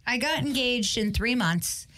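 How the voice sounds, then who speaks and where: A woman's voice: on the high side, animated, a little slow, sharp tone. A middle-aged woman co-hosting a podcast, telling stories in brash, profane, laughing banter. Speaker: podcast co-host. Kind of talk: casual banter.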